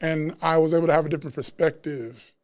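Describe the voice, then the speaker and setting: A man who works as a chef and Reiki practitioner, chatting as a guest at a live podcast taping in a bookstore and telling stories in an animated, slangy way. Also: a little high, fast talker, dry recording, clean studio sound. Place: bookstore event space.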